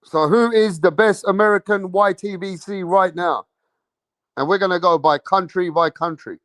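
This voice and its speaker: This London-accented boxing channel host has a high-pitched, slightly bright voice and a moderate pace, recorded at studio quality without room sound. On his livestream he's brash and slangy, swearing and repeating himself as he asks his chat questions and waits to hear back.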